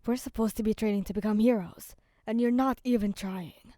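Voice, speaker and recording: A woman voicing a hot-headed young male hero trainee in a fan audio story, snapping harshly and louder than her narration. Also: medium pitch, steady tone, normal speed, no room sound, studio quality, natural voice. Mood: angry yelling.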